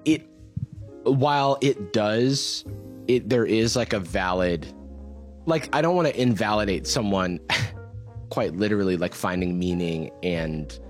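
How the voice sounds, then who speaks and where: A man co-hosts a podcast in a lowish, unhurried voice, with faint music in the background. His casual chat rambles, full of fillers and restarts.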